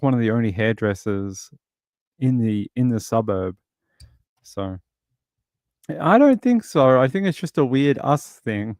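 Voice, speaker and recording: A man's voice: on the low side, a little mellow, clear, resonant tone, dry recording, clean studio sound. An Australian man hosting a livestream, chatting casually and rambling through stories while answering viewers. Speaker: livestream host.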